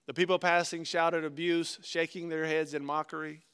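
A man preaching a sermon and reading scripture aloud, earnestly swinging between loud stresses and hushed, slowed phrases. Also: a little high, little pitch movement, clear, resonant tone. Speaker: pastor.

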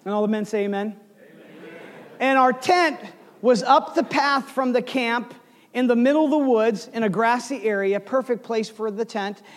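A man in his forties preaching a sermon, telling a story with swings between loud bursts and hushed asides. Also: very high voice, normal speed, big-room sound. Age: 40s. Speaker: pastor.

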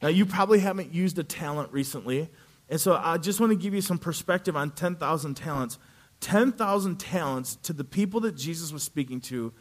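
A male pastor preaching a sermon, telling a story with animated delivery and acting out the characters' voices. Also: on the high side.

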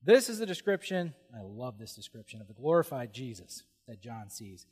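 A middle-aged man preaching a sermon, animated and humorous, often exclaiming in wonder. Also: medium pitch, normal speed, husky. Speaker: pastor. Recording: long reverb of a large hall.

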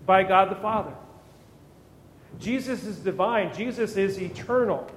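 A man preaching a sermon as pastor, with emphatic rises and words repeated as he builds up. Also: high voice. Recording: echoey hall with long reverb.

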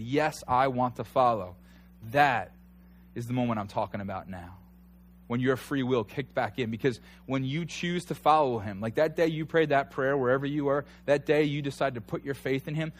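A man in his thirties preaching a conversational sermon, telling stories with animated energy and rising to near shouts at times. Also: medium pitch, moderate pace, a little hiss or hum. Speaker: pastor.

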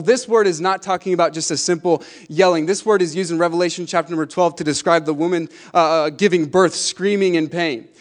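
A man in his thirties preaching a sermon to a congregation. He moves between hushed, conversational asides and fervent, emphatic declarations. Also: on the high side, clean tone. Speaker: pastor.

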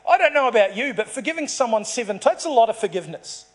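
Guy preaching a sermon, fairly high voice, tells the story and acts out the lines. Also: lively intonation, fast. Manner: storytelling, acts out dialogue in the parable. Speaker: pastor.

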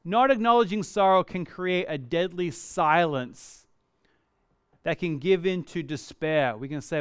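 A man preaching a sermon earnestly, moving between lively emphasis and quiet, reflective passages. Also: a little high, unhurried, clean tone, dry recording, clean studio sound.

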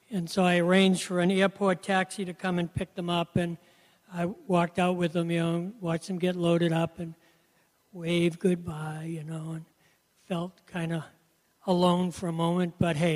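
A man with a notably high voice shares an earnest personal testimony, telling it as a story with a loose, conversational rhythm. His voice rings out with a long hall reverb around it. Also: flat delivery, moderate pace. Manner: earnest storytelling with frequent "you know". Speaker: Christian speaker sharing testimony.

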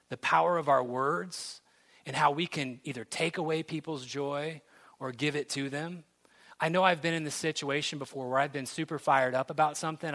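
A young adult man preaching a sermon in a bright, forward voice that sits a little high for a man. He talks in an earnest, conversational way and builds to excitement. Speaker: pastor.

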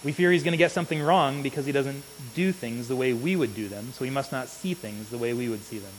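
A man preaching a sermon in an earnest manner, often checking in with the congregation with a quick "right?". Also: mid-range voice. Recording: long reverb with faint hiss.

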